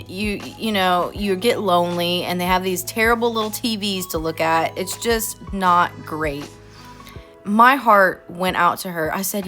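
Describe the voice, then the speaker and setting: Woman vlogger rambling while she draws, bright tone, faint music behind. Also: mid-range voice. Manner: earnest, rambling, heartfelt. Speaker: artist vlogger. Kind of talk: casual voice-over while drawing.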